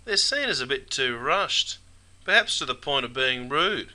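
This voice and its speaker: A man's voice: mid-range voice, animated, normal speed, sharp tone. A man with an Australian accent, narrating a scripted slang lesson in a folksy, wry way. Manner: folksy, wry, drops "mate" constantly. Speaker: English teacher.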